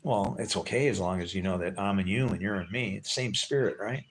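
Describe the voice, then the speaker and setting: Low-voiced rambling man chatting outdoors. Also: a little fast, a little hiss or hum. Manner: rambling, joking, chuckles often. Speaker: livestreamer. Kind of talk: casual livestream chat with viewers.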